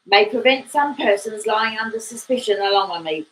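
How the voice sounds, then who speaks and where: Brief: woman narrator voicing a rough male convict in a read-aloud novel, moody, blunt, slow delivery. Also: mid-range voice, fairly bright tone, a little hiss or hum, lightly acted, rough recording.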